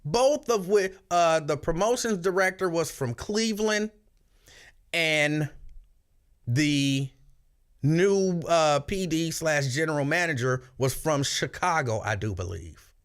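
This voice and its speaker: A man hosting a radio show, telling stories in casual chat and slipping into shrill impressions. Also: slow. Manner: animated storyteller, breaks into shrill yelling impressions.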